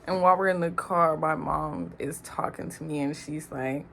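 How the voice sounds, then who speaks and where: A young adult recounts a storytime into a phone in a loose, slangy, profane way, acting out quoted lines in a higher voice. The voice sits at a middle pitch, and a faint hiss runs behind it. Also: little pitch movement, moderate pace, creaky, hardly any pauses, fairly bright tone. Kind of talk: casual storytime vlog.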